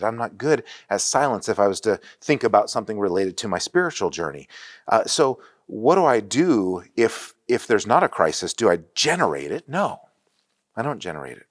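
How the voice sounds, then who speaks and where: A man in his forties preaching a sermon in a church, telling stories in an animated way with frequent restarts. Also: lowish voice. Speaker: pastor. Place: church sanctuary.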